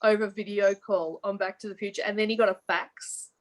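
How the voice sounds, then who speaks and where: A woman's voice: medium pitch, fairly even intonation, a little fast, rough recording. A woman with an Australian accent, co-hosting a podcast in casual, easygoing chat and laughing easily. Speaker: podcast co-host.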